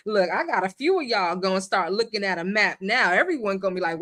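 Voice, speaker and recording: Bright-voiced woman hosting a livestream. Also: mid-range voice, lively intonation, quick pace, hardly any pauses. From New York City. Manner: chatty, reads viewer comments aloud, laughs often. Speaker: livestream host. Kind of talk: casual livestream chat.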